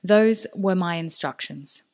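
Brief: woman voicing a cold storybook hitman, soft-spoken and even. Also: on the low side, slow. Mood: cool. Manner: soft and reasonable. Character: calm cold male hired killer. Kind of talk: audiobook character voice.

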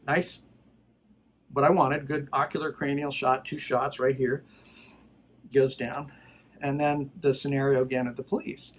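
Middle-aged male trainer, plain mid-pitched voice, emphatic casual delivery, faint hiss behind. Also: gravelly, rough recording. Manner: emphatic, conversational, retells scenarios with acted quotes. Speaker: firearms trainer. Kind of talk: casual instructional talk.

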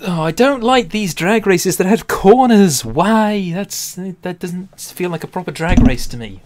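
Excitable young male gameplay commentator. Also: high voice, unhurried, slight background noise. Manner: excitable, swears at the game, laughs it off. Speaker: gaming YouTuber. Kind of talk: let's play commentary.

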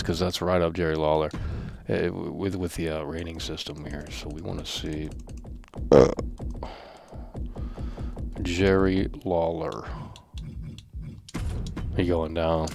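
A man streaming a wrestling video game, trash-talking the screen with lots of swearing, swinging from yelling to low muttering. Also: creaky. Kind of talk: casual live-stream commentary.

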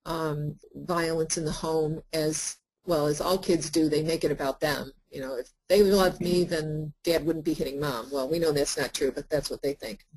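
A woman therapist lecturing to practitioners in an earnest, conversational way, with frequent pauses and fillers. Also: sits low, fairly even intonation, darkish tone, slightly rough, rough recording. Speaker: therapist teaching a workshop.

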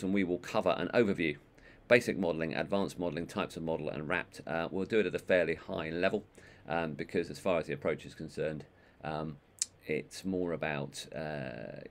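A man giving an online training course, talking in a monotone with many ums and uhs. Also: rumbling low. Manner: monotone, calls his own voice that. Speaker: management trainer.

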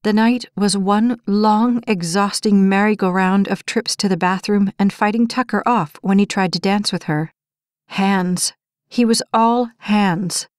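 A woman's voice: mid-range voice, no echo, clean studio sound. Woman narrating a romance audiobook. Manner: even, measured storytelling.

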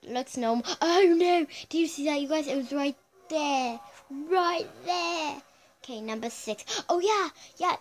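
A woman giving casual reaction commentary as a vlogger, chatty and exclaiming, often calling out to her viewers. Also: high-pitched. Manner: chatty, exclaiming, keeps addressing viewers as "you guys".

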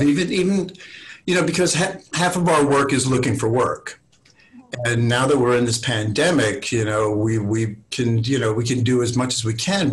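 In poor audio with slight background noise, an actor guest in his sixties swaps showbiz anecdotes on a video call. His voice is medium-pitched; he curses freely and voices other people's lines in raised tones during this casual storytelling interview.

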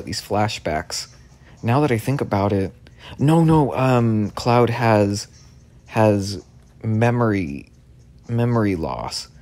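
A man giving excitable let's play commentary, stammering over his words and swearing often, with faint game music behind him. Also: lowish voice. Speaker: gaming video creator.

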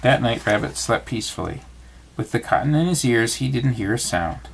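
A father reading a bedtime story aloud, calm and expressive. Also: medium pitch, a little fast, vocal fry, slight background noise.

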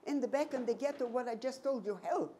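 A woman in her nineties giving a personal testimony to an audience, telling her story slowly and emphatically with many repetitions. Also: fairly high pitch, dark tone, slight background noise. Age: 90s. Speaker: Holocaust survivor giving a talk.

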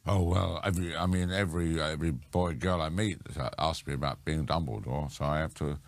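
An older man from Ireland, an actor answering interview questions in a rambling, halting way. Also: extremely low pitch, gravelly, no room sound. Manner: rambling, repeating words. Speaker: actor guest.

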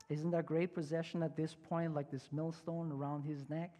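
A male pastor preaching a sermon in a relaxed, conversational way, full of fillers and restarts. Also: a little high, moderate pace, few pauses. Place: church sanctuary. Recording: long church reverb.

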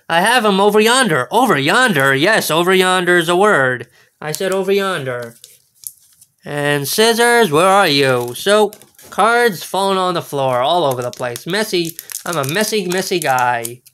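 A man's voice: sits high, pushed and bright, smooth. A man hosting a casual card-opening video, goofy and playful, full of exclamations and wordplay. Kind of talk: casual unboxing commentary.

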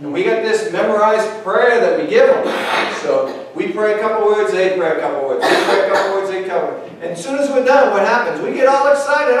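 A man preaching a sermon as pastor, talking in a conversational, animated way and acting out little dialogues. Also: high-pitched, brisk, hardly any pauses, a little hiss or hum. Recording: echoey hall, speaker far from mic.

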